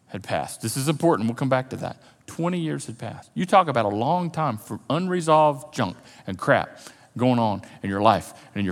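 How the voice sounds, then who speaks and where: Animated male preacher in a reverberant hall. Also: mid-range voice. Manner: animated storytelling, acting out quoted voices. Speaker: pastor. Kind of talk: sermon. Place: church auditorium.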